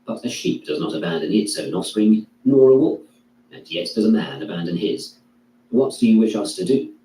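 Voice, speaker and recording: Low-voiced man reading in an echoey room. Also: expressive, normal speed, dark tone. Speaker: reader. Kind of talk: reading a classical philosophy text aloud. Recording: echoey room, distant mic, faint hum.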